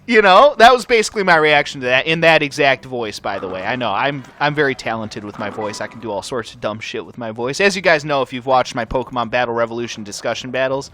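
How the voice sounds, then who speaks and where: A young man hosting a gaming channel, telling a rambling, profane story over gameplay in a casual, animated way. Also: medium pitch, quick pace, few pauses, a little hiss or hum.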